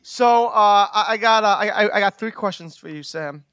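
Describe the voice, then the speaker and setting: High bright-voiced young man rambling. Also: normal speed, smooth, no room sound, clean studio sound. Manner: rambling, heavy use of "like", laughs often. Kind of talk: casual chat.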